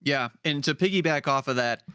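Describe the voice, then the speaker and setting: A man's voice: medium pitch, fairly quick, pushed and bright, clear, resonant tone, no room sound, clean studio sound. A young man co-hosting a podcast in casual chat, laid-back, playful and profane. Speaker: podcast co-host.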